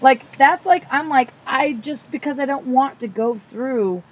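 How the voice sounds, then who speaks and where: A woman's voice: high-pitched, measured pace. A woman co-hosting a podcast in casual chat, telling dating stories with blunt swearing and acting out what people said. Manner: candid storyteller, swears freely, acts out quotes. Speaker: podcast co-host. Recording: dull lo-fi podcast audio with faint background noise.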